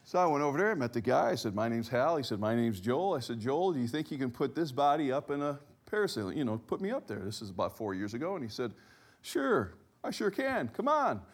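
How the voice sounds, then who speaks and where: A middle-aged man preaching a sermon, telling a personal story with lively acted-out quotes. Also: mid-range voice, fairly quick, breathy edge. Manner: animated storyteller, acts out quoted voices. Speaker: pastor.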